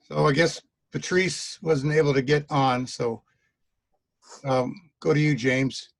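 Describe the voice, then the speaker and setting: A man giving an informal eulogy for his mother over a video call, halting, with many fillers and restarts. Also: a little high, steady tone, gravelly, dry recording, low-quality recording. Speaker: son speaking at mother's online funeral.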